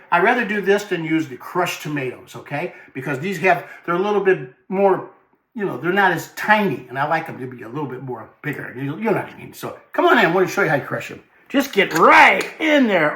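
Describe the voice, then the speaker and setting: A chatty man, hosting a cooking demonstration in his home kitchen with lively exclamations. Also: on the high side, fast, roomy sound. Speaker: cooking show host.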